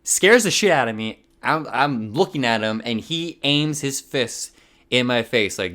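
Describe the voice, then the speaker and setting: A young man from Hawaii tells a rambling story on his podcast, swearing a lot, laughing at himself, and now and then letting his voice crack. He speaks a little slowly and animatedly, with a mid-range, bright, forceful voice.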